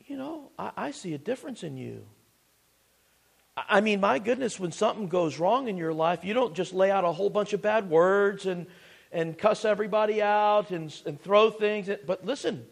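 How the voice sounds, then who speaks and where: A man preaching a sermon as pastor, earnest and full of restarts and asides. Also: sits high.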